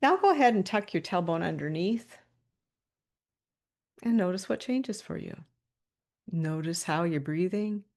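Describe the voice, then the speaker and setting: A woman presenting a webinar over a video call, calmly guiding listeners through posture and breathing cues with light laughs between instructions. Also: lowish voice, unhurried, pauses often. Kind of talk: guided body-awareness instruction.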